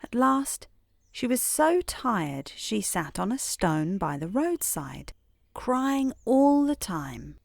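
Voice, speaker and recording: Female storyteller reading a sleep story, slow and soothing, pitch moving gently, close dry sound. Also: big pitch swings, creaky, no echo. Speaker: host and storyteller.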